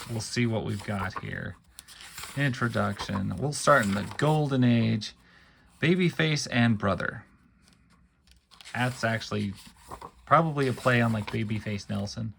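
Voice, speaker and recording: A man's voice: fairly low pitch, creaky, a bit bright, a little hiss or hum. A man giving wry, offhand running commentary while paging through a book, with plenty of ums and uhs. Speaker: book reviewer.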